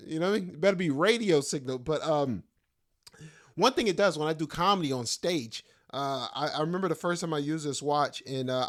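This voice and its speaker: Here a middle-aged podcast host who does stand-up chats loosely and slangily, poking fun at himself as he rambles. His pitch runs fairly high and his tone is fairly bright.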